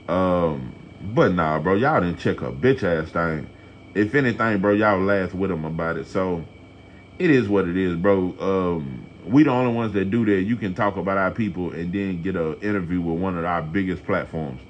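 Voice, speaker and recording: Low-voiced man, blunt rambling rant, faint hiss behind. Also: moderate pace, highs cut off. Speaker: boxing commentator. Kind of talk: casual opinion rant to camera.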